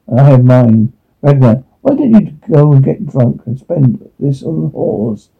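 A man reading a drama's dialogue and sound captions aloud, halting and restarting often. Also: a little high, creaky, breathy edge. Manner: halting, with frequent restarts and stumbles. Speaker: reader voicing all parts of a TV drama with captions. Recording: tinny phone-like recording.

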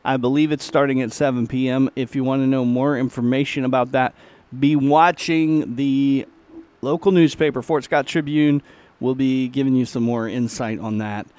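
A man's voice: mid-range voice, fairly even intonation, moderate pace, a little mellow. A middle-aged man, hosting his own podcast in a casual, folksy, self-deprecating ramble. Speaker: podcast host and musician. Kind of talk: casual solo chat.

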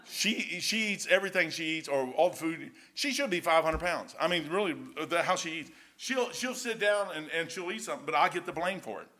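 A man's voice: on the high side, expressive, brisk, hardly any pauses, bright, forceful tone. An older man preaching in a casual, rambling storytelling way, full of folksy anecdotes and saying "man" a lot. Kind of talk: storytelling sermon.

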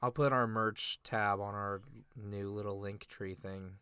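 A young man co-hosting a casual podcast, excitedly recapping a show with slang and laughter. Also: lowish voice, measured pace, clear, resonant tone, no room sound. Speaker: podcast co-host. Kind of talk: casual chat.

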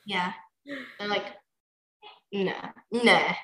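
A woman's voice: mid-range voice, extremely slow, pushed and bright, echoey room, poor audio. A young woman co-hosting a book club podcast, chatting casually and reading passages aloud. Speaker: podcast co-host.

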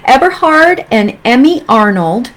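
A woman's voice: sits high, sing-song, unhurried, low-quality recording. A woman co-hosting a sermon program, chatting in a conversational, affirming way and often agreeing with her partner. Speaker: co-host. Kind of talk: sermon discussion.

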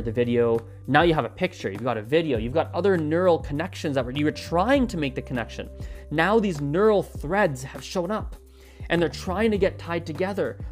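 An animated language-learning host explains a study method in a relaxed, conversational lesson, with a voice sitting in a middle pitch. The talk keeps slipping into little acted-out learner dialogues, with words repeated mid-thought. Faint music plays softly behind the voice.

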